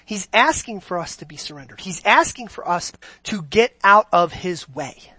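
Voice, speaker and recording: Emphatic preacher man, bright forceful voice. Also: high voice, animated, normal speed, husky, dry recording. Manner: emphatic, rhetorical questions to the congregation. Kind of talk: sermon.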